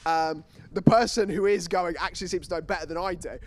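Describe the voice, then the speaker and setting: A man's voice: sits high, fairly even intonation, fairly quick, slight background noise. A young man compering a student stand-up show, rambling, teasing and mocking himself. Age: young adult. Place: student comedy stage before a live audience.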